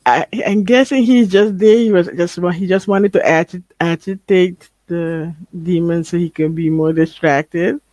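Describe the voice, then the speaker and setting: A woman's voice: lowish voice, fairly even intonation, moderate pace, hardly any pauses, a little mellow, dry recording. A young woman co-hosting a casual anime podcast, reacting with frequent laughter. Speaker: podcast co-host.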